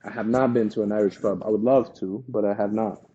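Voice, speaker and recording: Podcast co-host, male, warm husky voice, loose rambling chat, dull lo-fi sound. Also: lowish voice, fairly even intonation, quick pace. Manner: laid-back, rambling with many fillers and restarts. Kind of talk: casual chat.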